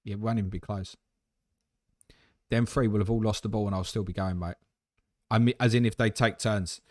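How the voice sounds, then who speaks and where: Casting: male stream host, lowish voice, dry close sound, blunt and jokey, swears freely. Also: steady tone, moderate pace, dry recording. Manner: blunt, swearing, matey banter. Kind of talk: live Q&A stream.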